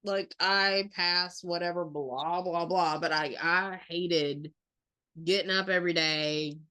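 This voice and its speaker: Bright-voiced sassy woman. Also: fairly low pitch, steady tone, takes it slowly, smooth. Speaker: podcast co-host. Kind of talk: casual chat.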